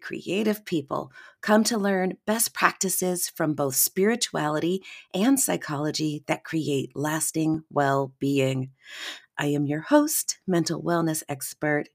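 A woman hosting a wellness podcast as a therapist and coach, talking in an effusive, animated storytelling way. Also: low voice. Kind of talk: podcast monologue.

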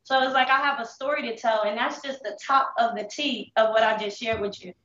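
A young woman candidly telling her hard life story in street slang, with halting restarts, holding back tears. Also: a little high, fairly bright tone, echoey room, far from the mic, muffled recording. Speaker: interview guest. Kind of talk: emotional personal testimony.

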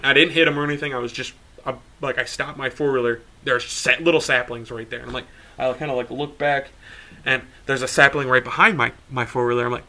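A young guy co-hosting a podcast spins a story in a loose, conversational way, swearing a lot and laughing throughout. His voice is medium-pitched and his delivery is animated and brisk.

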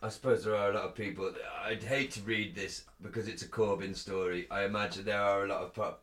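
A man's voice: fairly low pitch, steady tone, fast talker, a bit bright. Sweary laughing man in a roomy echo. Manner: sweary, laughing, reads comments aloud. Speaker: podcast co-host. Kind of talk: casual chat.

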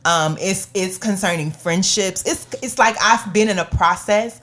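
A woman's voice: medium pitch, unhurried, a bit bright. A woman co-hosting a faith podcast, talking in an earnest, emotional, prayerful way. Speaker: podcast co-host.

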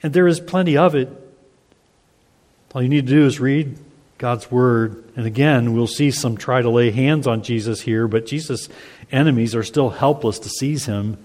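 A man's voice: mid-range voice, moderate pace, darkish tone. Earnest preacher man in a reverberant hall. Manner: earnest, emphatic, reads scripture aloud. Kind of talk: expository sermon.

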